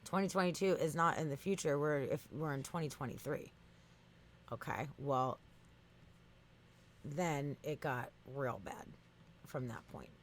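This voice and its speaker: A woman's voice: sits low, measured pace, long pauses, slight background noise. A woman hosting a podcast in casual chat, amused, reading news aloud and swearing now and then. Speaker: podcast host.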